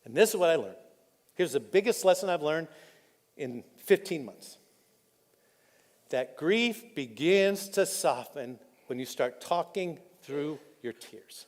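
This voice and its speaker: A man pastor, preaching a candid, personal sermon that drops soft and choked up when he is moved. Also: on the high side, animated, slow pace. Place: church auditorium. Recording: live in a reverberant church hall.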